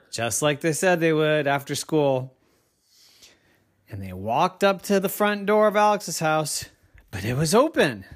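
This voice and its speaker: A woman telling an improvised bedtime story to children, in a playful sing-song way with dips into whispers. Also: deep voice.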